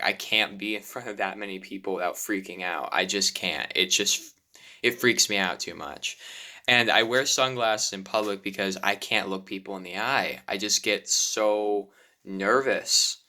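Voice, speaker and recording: A man's voice: sits low, pushed and bright. A young man talking nervously about himself in a confessional vlog, with frequent sighs, apologies and restarts. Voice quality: self-deprecating, apologetic. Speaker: YouTuber.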